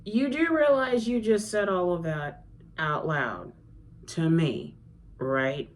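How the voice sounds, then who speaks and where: A woman voicing a playful, theatrical male best friend who teases in a lively way. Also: on the low side, takes it slowly, slight background noise. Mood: teasing. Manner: teasing and theatrical.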